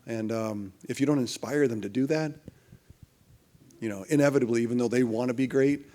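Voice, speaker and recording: A middle-aged man, an interview guest, telling business stories in a rambling, animated way and acting out other people's lines. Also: medium pitch, fairly quick. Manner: rambling, with restarts and fillers.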